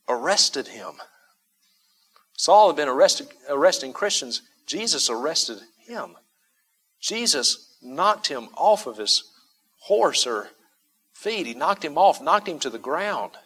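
A man's voice: fairly high pitch, fairly bright tone, breathy edge. A man preaching a sermon as pastor, emphatic, repeating key phrases and asking his listeners rhetorical questions. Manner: asks the congregation rhetorical questions.

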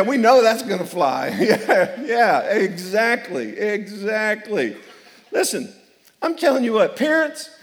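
A male pastor preaches in a church sanctuary with a high, emphatic voice. He jokes, repeats himself and calls out for amens. His voice rings with the long reverb of a large hall. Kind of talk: sermon.

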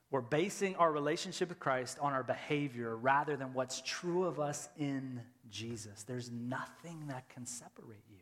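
Impassioned preacher in a reverberant church. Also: male voice, mid-range voice, expressive, moderate pace, hardly any pauses. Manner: swings from hushed, intimate storytelling to loud, impassioned preaching; repetitive, rhetorical emphasis. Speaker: pastor. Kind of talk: sermon. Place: church sanctuary. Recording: long reverb of a large church hall.

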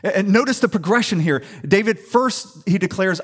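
A man from the Atlanta area preaching a sermon in a church, telling stories and building up to loud declarations. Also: high voice, brisk, hardly any pauses. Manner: animated storytelling, rising to loud declaration. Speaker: pastor. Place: church sanctuary.

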